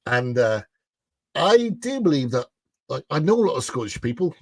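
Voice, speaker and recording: Lively chatty man hosting a livestream. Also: medium pitch, moderate pace, dry recording. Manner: chatty, rambling, reads news aloud to chat. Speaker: livestream host. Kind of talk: casual livestream chat.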